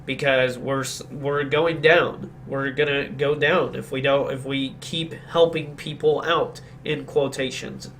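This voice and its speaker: A man's voice: mid-range voice, little pitch movement, measured pace, hardly any pauses, a bit bright, slight background noise. A man hosting a podcast, chatting casually about politics in a blunt, opinionated way and agreeing emphatically. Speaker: podcast host.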